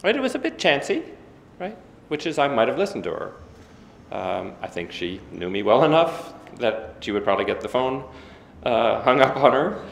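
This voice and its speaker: A man in his fifties giving a self-deprecating after-dinner speech, halting with many fillers. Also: medium pitch, very animated, vocal fry. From Ontario, Canada. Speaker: guest speaker. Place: banquet hall. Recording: echoey banquet hall with faint room noise.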